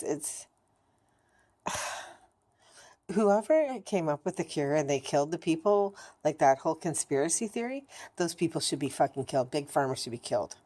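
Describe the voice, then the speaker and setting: Woman, low voice, warm mellow tone, candid video diary, blunt, swearing, rambling restarts. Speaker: vlogger.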